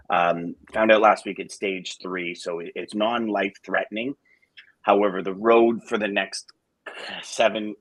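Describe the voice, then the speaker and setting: A man's voice: sits low, fairly bright tone, no echo, rough recording. A man co-hosting a live show, talking to listeners frankly and with emotion, with blunt swearing and jokes. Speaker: co-host of a live sales morning show. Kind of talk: candid casual talk to listeners.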